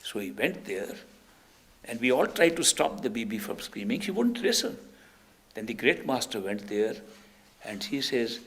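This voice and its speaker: An older man from India, giving a spiritual talk over a video call, telling stories gently. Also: medium pitch, moderate pace. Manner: gentle storyteller, animated. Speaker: spiritual teacher.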